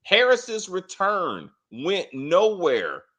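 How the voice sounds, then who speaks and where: A man co-hosting a casual spoiler review of a TV drama, talking in a blunt, animated way, cursing freely and restarting his sentences often. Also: high voice, drawn-out words. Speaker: TV show reviewer, co-host.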